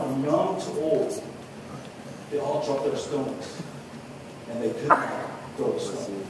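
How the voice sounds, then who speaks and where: A pastor delivers an earnest sermon, his voice sitting high for a man. He sounds set back from the microphone in a large, echoing hall. When he quotes scripture, he eases into softer tones. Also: background noise. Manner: earnest preaching, drops to soft tones for quotes. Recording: echoey hall from far off.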